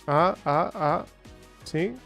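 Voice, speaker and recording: A man talks through a factory-building game in a loose, chatty way, answering viewers and wandering into asides. His voice sits a little high for a man, and he sometimes jumps into playful, exaggerated greetings. Faint music runs underneath. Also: takes it slowly, creaky, fairly bright tone. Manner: chatty, reads out and answers chat, rambling asides. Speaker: gaming streamer. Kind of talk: casual gameplay commentary.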